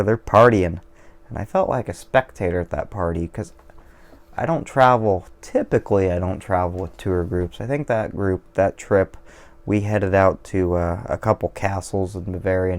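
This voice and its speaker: Brief: male vlogger, deep and gravelly, loose digressive monologue, swears freely, pokes fun at himself. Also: a little mellow. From Washington State, USA. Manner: digressive, profane, self-deprecating. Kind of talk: casual rambling monologue over beer.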